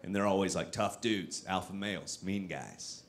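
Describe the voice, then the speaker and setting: A man from Texas doing a stand-up comedy set on a club stage into a handheld mic, with self-mocking, animated delivery. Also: deep voice, moderate pace, slight background noise.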